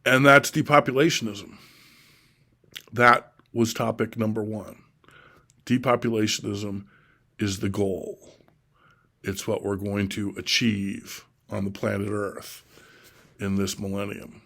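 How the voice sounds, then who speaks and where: A middle-aged man from Oregon giving a slow, deliberate, repetitive solo monologue about his political views. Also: on the low side, level tone, creaky, sharp tone. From Oregon, USA. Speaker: self-styled presidential candidate.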